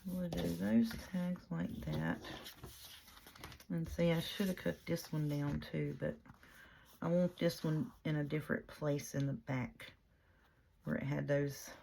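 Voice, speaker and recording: A woman's voice: deep voice, measured pace, vocal fry, pauses often, mellow, slight background noise. A woman chatting casually while she works on a junk journal, rambling with many fillers and restarts. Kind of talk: casual chat while crafting.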